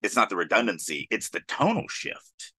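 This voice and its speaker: Low-pitched man with a bright, forward tone and lively, swinging intonation, recorded dry and close. He co-hosts a writing podcast, talking through an edit in a casual, animated manner and acting out lines as he goes. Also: moderate pace, no room sound. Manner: animated, acts out quoted lines. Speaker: podcast co-host. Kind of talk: casual editing discussion.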